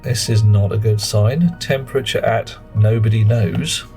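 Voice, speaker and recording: Male streamer, rambling and self-mocking, low register. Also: fairly even intonation, measured pace, warm tone, faint music behind. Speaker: game streamer. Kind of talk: live gameplay commentary and chat.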